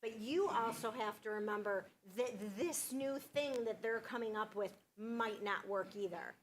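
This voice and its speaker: A woman's voice: a little high, normal speed, poor audio. A woman on a school board answering a colleague at a public meeting, insistent and defensive, repeating her denials.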